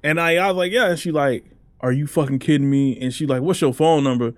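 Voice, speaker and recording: Guy on a podcast telling a story, laughing a lot, acts out quotes, kinda high voice. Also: quick pace, no echo. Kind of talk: casual storytelling chat.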